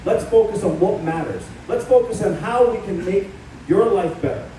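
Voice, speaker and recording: A middle-aged man gives a combative campaign speech in a large hall, telling stories about his own fight. His voice sits on the high side with a dark, mellow tone. Heavy room echo and a distant mic make him sound far off, with faint ambience underneath. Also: normal speed, slight background noise. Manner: combative, storytelling. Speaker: political candidate. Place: event hall.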